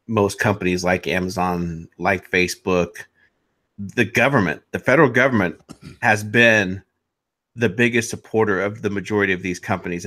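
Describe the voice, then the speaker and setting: A man co-hosting a political talk show, calmly explaining a point. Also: low voice. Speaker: show co-host.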